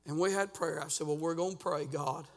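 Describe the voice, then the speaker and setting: Pastor guy preaching in church, high voice, lots of uh's, gets shouty. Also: fairly quick, big-room sound. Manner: folksy preaching with frequent "uh" fillers; fervent, rising to shouts. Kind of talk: sermon. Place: church sanctuary.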